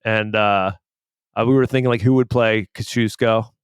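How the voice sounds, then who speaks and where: A man's voice: on the low side, normal speed, clear, resonant tone, no room sound, studio quality. A man co-hosting a podcast, telling a story in a casual chat, laughing often and acting out what people said. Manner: laughs often, animated storytelling with acted-out quotes. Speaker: podcast co-host.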